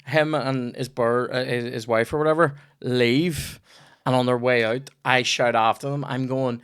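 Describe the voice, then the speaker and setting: A man's voice: medium pitch, steady tone, a little slow, fairly bright tone, smooth, dry recording, studio quality. A young Northern Irish man tells a long, rambling story as the host of a casual chat. He swears freely, restarts his sentences and keeps a middling voice. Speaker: comedian podcast host.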